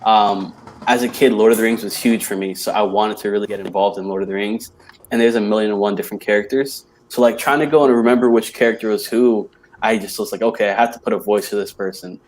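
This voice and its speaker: A man's voice: lowish voice, a little mellow. A man as a podcast guest in casual chat, talking with many "like" fillers and laughing easily.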